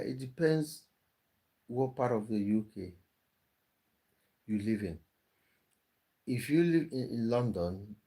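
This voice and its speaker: This livestream host has a gravelly, mellow voice in the mid range. He chats casually with viewers and reads their comments aloud, frequently repeating words as he starts over.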